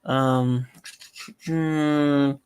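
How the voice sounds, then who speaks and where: A man's voice: mid-range voice, fairly even intonation, very slow, darkish tone, clear, resonant tone. A man hosting a live panel, chatting casually with short agreeing remarks. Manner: brief agreeing interjections. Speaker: host. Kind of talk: casual live-stream chat.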